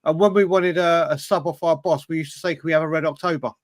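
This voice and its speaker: A fairly high-voiced man spinning a yarn on a comedy podcast. He teases his co-hosts, and the sound is close and dry, with no room around it. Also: steady tone, quick pace, no room sound. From England. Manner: storytelling, joshing with mates. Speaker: podcast co-host. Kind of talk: casual banter.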